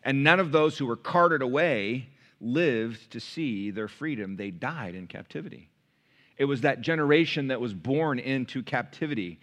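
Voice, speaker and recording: A man's voice: medium pitch, expressive, normal speed, fairly bright tone. A man, a pastor, preaching a sermon and reading scripture, building emphasis through repeated phrases. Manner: preaching with rising emphasis and repetition.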